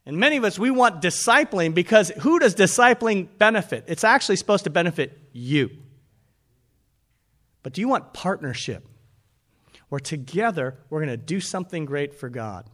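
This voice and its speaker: A man preaching a sermon as pastor, animated and calling out to his congregation. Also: high-pitched, normal speed.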